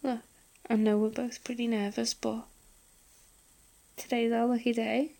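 A woman with a Scouse accent in a playful, intimate whispered role-play, murmuring and laughing softly. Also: fairly high pitch, flat delivery, unhurried, creaky. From England. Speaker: audio role-play performer.

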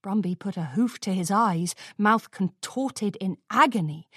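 Expressive woman reading a storybook. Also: mid-range voice, unhurried, breathy edge, no room sound, studio quality. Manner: expressive, acts out dialogue. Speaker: audiobook reader. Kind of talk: storybook narration.

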